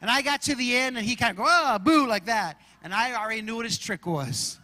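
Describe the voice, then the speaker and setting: A man from Arizona preaching a sermon as pastor, telling stories in an animated way and acting out shouts and roars. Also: very high voice, fast talker, in a large hall. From Arizona, USA.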